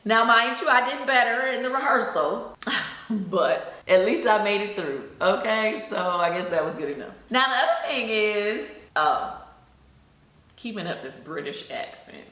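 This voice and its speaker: Recorded in an echoey room with faint background music, this Atlanta singer and vlogger talks unhurriedly in a mid-range, slightly bright voice with lively intonation. The middle-aged woman casually discusses a singing show behind the scenes, peppering her speech with "you know."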